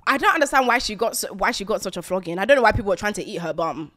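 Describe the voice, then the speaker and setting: A young woman, co-hosting a casual chat and telling stories with animated laughter. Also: mid-range voice, very fast. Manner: animated storytelling, laughs a lot. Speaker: podcast co-host.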